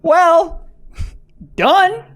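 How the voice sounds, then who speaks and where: A man co-hosting a casual comedy podcast, telling a story with lots of swearing and breaking into high-pitched laughing fits. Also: drawn-out words, a bit bright. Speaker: podcast co-host.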